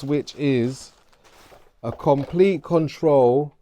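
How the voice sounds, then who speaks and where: A London man in his thirties, English with a London accent, introduces his channel as a vlogger and music producer in a casual, playful, self-mocking way. His voice sits at medium pitch with a dark tone and a measured pace.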